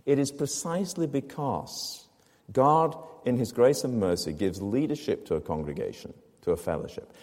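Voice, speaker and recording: Preacher in an echoing church. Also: male voice, mid-range voice, expressive, moderate pace, a little mellow. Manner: expository, rhetorical questions, emphatic repetition. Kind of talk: sermon.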